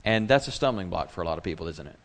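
A man's voice: low voice, lively intonation, racing. Conversational man preaching a sermon. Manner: conversational, acts out quoted voices. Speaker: pastor.

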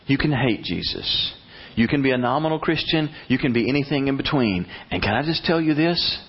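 A man preaching a sermon as pastor, animated and blunt, acting out prayers in a rising voice. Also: medium pitch, brisk, husky, lo-fi sound.

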